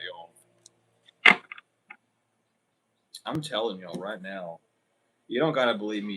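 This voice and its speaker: A man's voice: lowish voice, noisy background. A man giving a casual spiritual tarot reading, blunt and emphatic, swearing often and repeating himself. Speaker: tarot reader.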